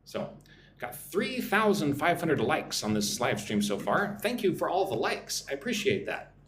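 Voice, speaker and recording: An American man teaching business English on a live stream, speaking slowly and clearly and often checking in with "right?". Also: on the high side, sing-song, echoey room. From United States.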